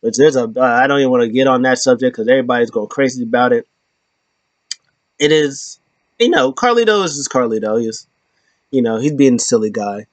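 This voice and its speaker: A man's voice: medium pitch, a little fast, dry recording. A man hosting a casual recap show, telling it in a loose, rambling way and often correcting himself. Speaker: show host recapping wrestling.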